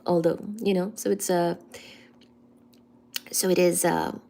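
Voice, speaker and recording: A woman hosting a casual livestream, greeting viewers one by one by name and answering chat in a soft-spoken way with frequent ums. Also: fairly low pitch, flat delivery, unhurried, vocal fry. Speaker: livestream host reading chat.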